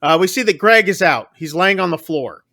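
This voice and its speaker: Bright, dry-sounding man recapping a film. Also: sits high, lively intonation, normal speed, dry recording. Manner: retells plot scene by scene, briefly acting out characters' lines. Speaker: podcast co-host. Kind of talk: casual film review chat.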